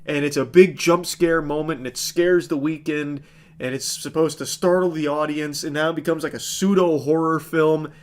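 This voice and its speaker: A man's voice: a little high, steady tone, normal speed. A man in his thirties giving a ranting movie review, exasperated and sarcastic, swearing freely.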